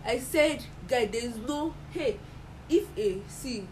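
A woman's voice: on the high side, animated, takes it slowly, mellow. A young woman with a Nigerian accent, telling stories animatedly and laughing in a casual chat. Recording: noisy background.

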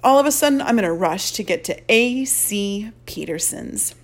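Expressive woman audiobook narrator. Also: mid-range voice, normal speed. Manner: expressive, excited reading. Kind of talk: audiobook narration in first person.

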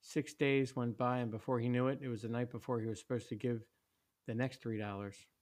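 A man reading a story aloud in a steady, plain way, with small slips. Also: medium pitch, brisk. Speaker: narrator.

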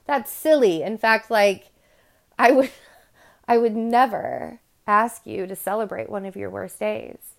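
A woman's voice: mid-range voice, steady tone, slow, vocal fry. A woman hosting a podcast, talking to her listeners in a candid, rambling monologue full of asides and restarts. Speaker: podcast host.

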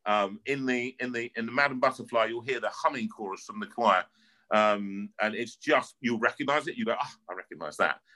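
A middle-aged man from North London, an opera singer with a local accent, tells stories in a casual interview, talking a little fast in a mid-range voice. He's animated and tends to repeat words, and the recording quality is poor.

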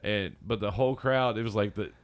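Deep-voiced man telling a rambling story. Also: a little fast. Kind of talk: casual storytelling chat.

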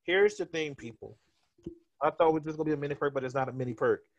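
A man co-hosting a casual podcast, talking in an animated, joking way and laughing often. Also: on the high side, fast, muffled recording. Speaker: podcast co-host.

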